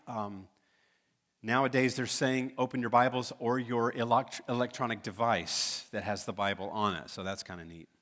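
A man preaching a sermon in a church, talking in a relaxed way and making joking asides to the congregation. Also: mid-range voice. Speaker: pastor. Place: church sanctuary.

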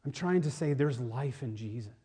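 A man preaching a sermon, telling a personal story in an animated way with many restarts. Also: medium pitch, normal speed, slightly rough. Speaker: pastor.

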